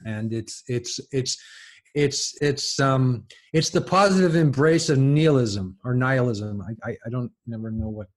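Halting, thoughtful man thinking aloud. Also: medium pitch, expressive. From lives in France. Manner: halting, many restarts and repeated words, thinking aloud. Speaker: podcast guest. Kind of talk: casual intellectual conversation.

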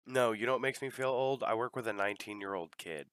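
A man's voice: medium pitch, fast, fairly bright tone, clear, resonant tone, no echo, clean studio sound. A man hosting a casual chat, telling long profane rambling stories.

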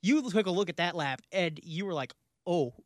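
A man co-hosting a relaxed podcast, talking loosely and laughing easily as he goes. His voice sits a little high. The sound is close and dry. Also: fairly quick, no room sound. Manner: chatty, laughs often, trails off and restarts. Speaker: podcast co-host. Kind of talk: casual chat.

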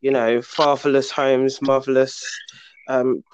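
A man's voice: medium pitch, little pitch movement, slow, slight background noise. Man, podcast host, thoughtful, casual talk, slightly muffled recording. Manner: thoughtful, affirming listener. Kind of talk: open casual conversation.

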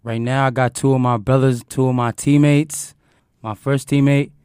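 A young man co-hosting a casual podcast as a basketball player, relaxed, playful and slangy. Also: mid-range voice, moderate pace, clean tone, dry recording, studio quality. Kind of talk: casual chat.

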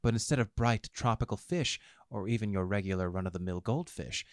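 A man narrating fiction aloud in a wry, expressive storytelling manner. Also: fairly low pitch, brisk, dry recording, clean studio sound.

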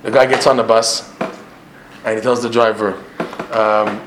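A man teaching a religious class to his regular students, animated, firing off rhetorical questions and often repeating himself. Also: on the low side, a little slow, pauses often, a little hiss or hum. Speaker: Torah teacher. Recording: echoey room, faint ambience.

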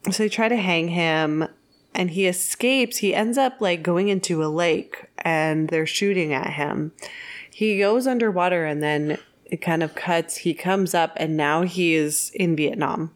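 A woman co-hosting a podcast, casually retelling a film's plot with quick acted-out quotes and laughs. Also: fairly low pitch. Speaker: podcast co-host. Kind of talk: casual film discussion.

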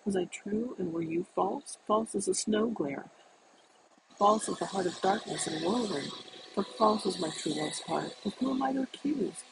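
Dying old suffragette woman, lamenting and pleading, gravelly, noisy recording, as a reader puts her on. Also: medium pitch, moderate pace, natural voice. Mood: anguished.

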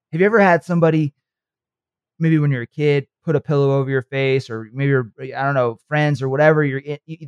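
A man talking earnestly on a podcast in a coaching way, often checking in with his listener with quick "okay" and "right" asides. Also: medium pitch, dry recording. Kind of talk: motivational podcast talk.

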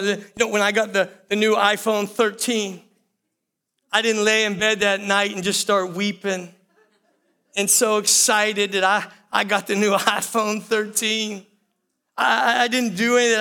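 A man's voice: high-pitched, flat delivery, normal speed, vocal fry, sharp tone, clear, resonant tone. A man preaching a sermon, talking conversationally and addressing the congregation directly with repeated phrases. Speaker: pastor.

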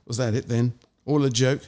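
A man, an author, reading his short story and then telling measured anecdotes in an interview. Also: mid-range voice, steady tone, dark tone. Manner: measured and anecdotal, with small restarts.

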